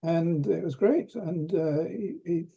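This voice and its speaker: A man's voice: on the high side, takes it slowly, mellow, breathy edge, dull audio. An older man from England, telling a story as an interview guest, hesitant with many restarts and a dry humor. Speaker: interview guest, retired professor of rheumatology. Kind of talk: reflective storytelling.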